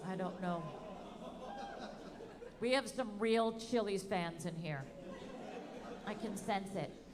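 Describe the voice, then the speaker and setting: High-voiced woman doing wry stand-up. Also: big-room sound. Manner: wry, animated delivery with sung bits. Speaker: stand-up comedian. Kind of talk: stand-up set. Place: outdoor comedy show.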